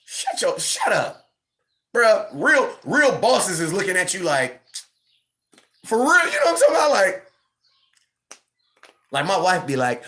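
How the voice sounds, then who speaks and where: In a high-sitting voice, a livestream host in his thirties mocks his way through a casual sports rant. He stays animated, slips in fast impressions, and laughs a lot.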